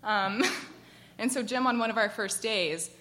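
A woman from the United States in her twenties tells a personal story to a live audience. Her voice is bright and forward, and her delivery is chatty and animated, full of "like" fillers. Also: mid-range voice, unhurried. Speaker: storyteller at a work event.

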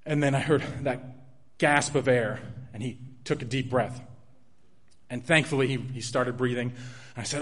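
A young man telling a true personal story in an earnest, halting way, with restarts and soft laughs. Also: medium pitch.

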